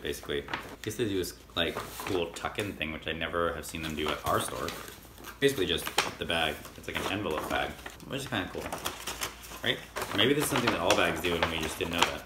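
Guy vlogging a storytime, deep voice but bright, talks fast, kinda sick, echoey room with faint ambience. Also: very noisy. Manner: animated storyteller, acting out quoted dialogue. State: feeling sick, occasional coughs. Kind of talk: casual storytime vlog.

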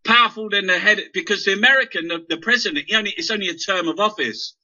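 A man's voice: sits high, fast, pushed and bright. A man in an impassioned political rant, swearing heavily and stumbling over repeated words. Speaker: guest. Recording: dull lo-fi internet radio audio.

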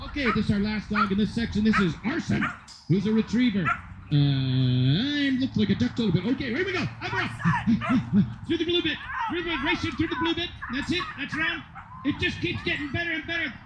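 High-voiced joking male commentator. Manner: joking, rambling, playful. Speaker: event commentator. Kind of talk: live sports commentary. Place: outdoor agility field. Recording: loud outdoor noise, dogs barking.

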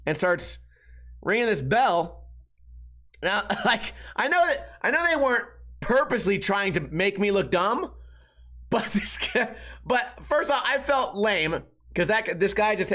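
A man's voice: high-pitched, lively intonation, normal speed, bright, forceful tone. A man hosting a solo podcast, telling rambling everyday stories with lots of swearing and acting out the people he quotes. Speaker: podcast host. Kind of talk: casual solo storytelling monologue.

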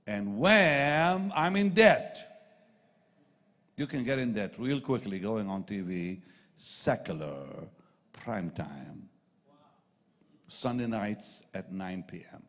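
An older man from Israel, a pastor preaching a sermon, telling a personal story in an animated, chatty way with asides to the crowd. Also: fairly low pitch.

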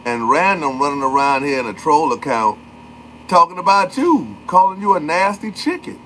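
A man's voice: fairly high pitch, big pitch swings, moderate pace, bright, forceful tone, slight background noise. Slangy man chatting on a livestream. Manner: loose slangy talk, greets and calls out chatters by name. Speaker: livestream host. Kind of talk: casual livestream chat.

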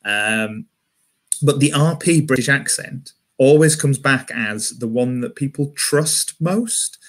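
A man's voice: medium pitch, takes it slowly, a bit bright. A man with a Yorkshire accent doing a wry stand-up comedy set from home, often restarting his phrases.

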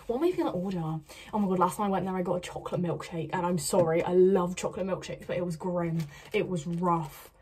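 A woman's voice: lowish voice, fast talker, a little mellow, husky. A woman chatting casually to camera as a vlogger, rambling to herself while getting ready at home. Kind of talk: casual vlog chat. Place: at home, indoors.

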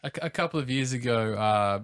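A man's voice: medium pitch, animated, a little fast, a bit bright, clean tone, dry recording, clean studio sound. An Australian man chatting casually as a podcast guest, thinking aloud with restarts. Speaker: guest producer.

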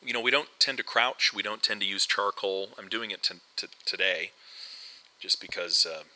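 A man's voice: on the low side, normal speed, pushed and bright, poor audio. A middle-aged man chatting casually over gameplay, rambling with lots of fillers and restarts. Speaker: host. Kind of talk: casual game commentary.

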